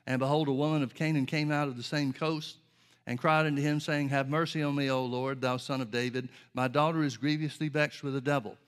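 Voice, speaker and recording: A man preaching a sermon, explaining scripture in a measured way and reading old-style Bible verses aloud. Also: mid-range voice, fairly even intonation, clean tone.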